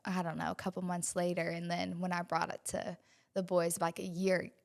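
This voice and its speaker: A woman from West Virginia, a singer-songwriter guest, talking openly and hesitantly with many pauses in a relaxed interview. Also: on the low side, creaky. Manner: soft-spoken, open, hesitant with many ums. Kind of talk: casual interview chat.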